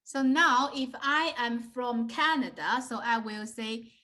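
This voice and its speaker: Slow-speaking Chinese woman teaching. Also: on the high side, sharp tone. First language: Mandarin. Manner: patient, repeats words and checks with "right?". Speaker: Mandarin teacher. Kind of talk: beginner language lesson.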